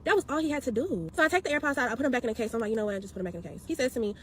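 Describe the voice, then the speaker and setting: A woman retelling a bad experience in an animated, slangy, exasperated storytime style, acting out what people said. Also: fairly high pitch, rapid-fire, a little hiss or hum. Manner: expressive, slangy, exasperated, acts out quotes. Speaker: storyteller vlogger.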